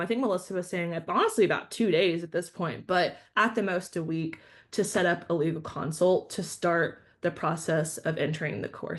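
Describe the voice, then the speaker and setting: A woman leads an online training session over a video call. She walks her audience through each step in a friendly, instructive manner and calls them y'all. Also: lowish voice.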